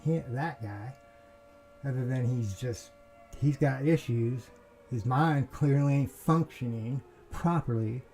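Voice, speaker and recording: A man's voice: mid-range voice, creaky, warm tone, rough recording. A man talking straight to the camera, telling a long story about a neighbor in a rambling, aggrieved way, with restarts and swearing. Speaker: vlogger. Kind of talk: casual storytelling monologue.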